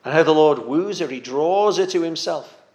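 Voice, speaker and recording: A man with a slightly higher-than-usual voice, preaching a sermon. He speaks earnestly and gently, like a pastor encouraging his congregation, now and then doubling a word as he thinks. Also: normal speed, highs cut off.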